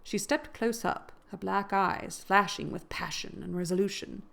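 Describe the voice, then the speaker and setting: A woman reading a classic novel aloud in a measured narrating voice that grows louder at dramatic moments. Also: mid-range voice, vocal fry. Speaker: reader.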